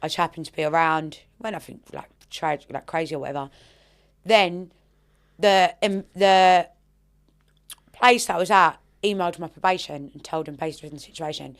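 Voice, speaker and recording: A woman with a notably low-pitched voice hosts a relaxed podcast chat. She talks in a chatty, streetwise way, swears freely and calls her guest darling. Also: moderate pace. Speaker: podcast host. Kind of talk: casual interview chat.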